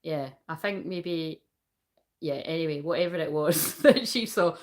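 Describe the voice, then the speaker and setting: A woman's voice: sits low, measured pace. A woman giving a casual tarot reading, rambling, swearing freely and laughing often. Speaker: tarot reader.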